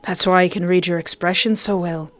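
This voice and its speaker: A woman playing a dry, sarcastic Irish guy at a college party, game character voice, teasing and wry, a bit of soft music under it. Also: lowish voice, steady tone, fairly quick, natural voice. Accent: Irish (put on).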